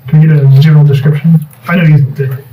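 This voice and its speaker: A man playing in a tabletop game, asking quick, playful questions. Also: a little high, steady tone, dull audio. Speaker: player. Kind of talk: casual tabletop play. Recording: distant mic with faint noise.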